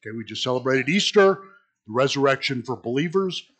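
A man's voice: medium pitch, lively intonation, brisk, fairly bright tone. A man teaching an informal Bible class, chatty and self-mocking, who laughs at his own jokes and reads scripture aloud.

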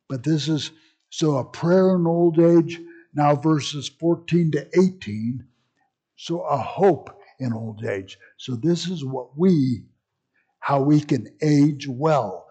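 A man's voice: mid-range voice, mellow, slightly rough. A man leading a Bible study in a folksy, rambling way, with joking asides.

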